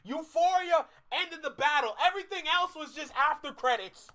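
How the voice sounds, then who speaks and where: High, bright-voiced male reaction host. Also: moderate pace. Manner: animated, swings from loud outbursts to muttering. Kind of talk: casual reaction commentary.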